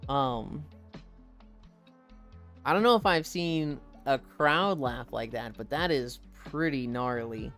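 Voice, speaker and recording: A man chatting on a live stream, spinning profane stories with lots of swearing and a lively, animated delivery. He slips into quick put-on voices when he quotes people. Faint music plays behind him. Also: mid-range voice. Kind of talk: casual live-stream chat.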